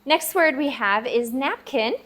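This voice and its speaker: A woman's voice: high voice, animated, measured pace, fairly bright tone. A woman teaching a language lesson, patiently sounding out each syllable several times while writing words out. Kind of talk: casual spoken lesson. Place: at a table, writing for the viewer.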